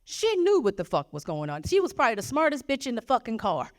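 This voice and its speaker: Profane, animated woman doing stand-up. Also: a little high, fast. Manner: profane, animated storytelling with acted quotes. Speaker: stand-up comedian. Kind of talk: stand-up comedy.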